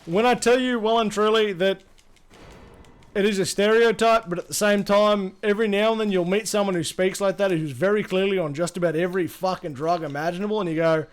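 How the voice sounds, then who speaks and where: A man's voice: high-pitched, a little fast. An Australian man chatting casually on a live gaming stream, rambling, swearing freely and reading chat aloud.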